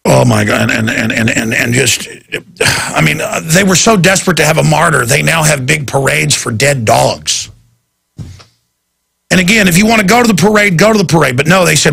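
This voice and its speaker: A man's voice: fairly high pitch, animated, normal speed, gravelly, a bit bright, breathy edge. A man hosting a talk radio show, delivering a heated, rambling and indignant monologue.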